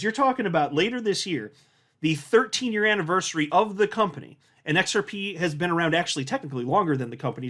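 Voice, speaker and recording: A man hosting his own crypto channel, talking in a sarcastic, mocking commentary monologue with frequent laughs and restarts. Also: sits high.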